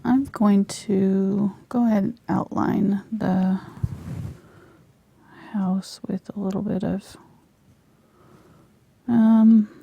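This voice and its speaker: Soft-spoken gravelly woman teaching painting. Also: medium pitch, flat delivery, drawn-out words, pauses often, no room sound, highs cut off. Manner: soft-spoken, often dropping to a near whisper while working. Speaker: painting instructor. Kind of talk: live painting tutorial. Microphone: lapel mic.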